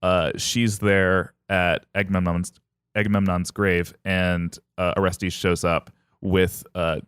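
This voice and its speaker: Smooth low-voiced man telling a myth. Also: dry recording. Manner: animated, acts out characters in quick bits. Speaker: podcast host retelling a myth. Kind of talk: comedic storytelling chat.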